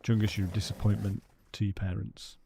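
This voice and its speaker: A man's voice: on the low side, flat delivery, normal speed, creaky, dark tone, slight background noise. A British man live-streaming a hunting game, chatting casually with his viewers and greeting them by name.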